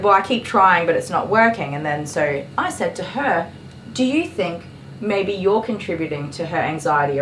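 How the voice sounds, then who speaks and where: A dog groomer hosting a casual livestream, a woman telling stories about a customer in a chatty, exasperated way. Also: low-pitched. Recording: echoey room with faint clipper noise.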